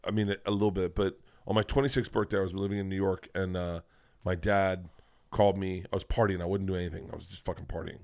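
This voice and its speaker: A man's voice: low voice, fast, creaky. A man, a guest comedian, telling rambling, profane stories in casual podcast talk in a studio. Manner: profane, rambling, energetic storyteller.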